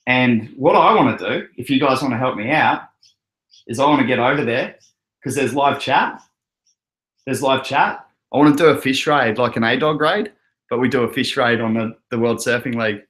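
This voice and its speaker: A man's voice: medium pitch, normal speed, a bit bright. A young Australian man with an Australian accent hosting a casual live stream, chatty and laughing often as he reads out viewer comments. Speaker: crypto livestream host. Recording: echoey room.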